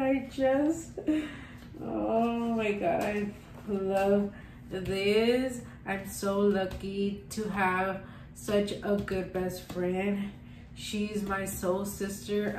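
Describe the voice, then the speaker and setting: A woman's voice: medium pitch, steady tone, takes it slowly, a little mellow, reverberant, recorded from a distance, slight background noise, low-quality recording. A young woman, gushing sentimentally as she talks to camera in a casual vlog. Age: young adult. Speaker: vlogger.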